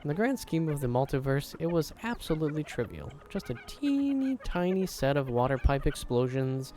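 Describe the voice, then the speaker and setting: A man's voice: fairly high pitch, sing-song, moderate pace, mellow. A man reading game dialogue aloud, voicing an eccentric, cheerful inventor creature in a breezy, rambling way.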